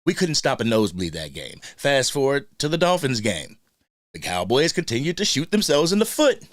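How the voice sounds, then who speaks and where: Animated man hosting a live fan stream. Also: mid-range voice, moderate pace, dry recording, studio quality. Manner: animated, shouts out viewers in the chat. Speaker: host of a live fan show. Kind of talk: casual live-stream chat.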